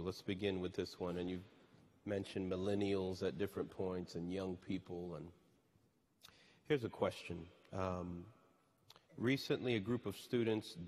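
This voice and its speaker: Man, panel moderator, very low voice, measured and hesitant, long hall reverb. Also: a little hiss or hum. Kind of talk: reading audience questions. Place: large chapel hall.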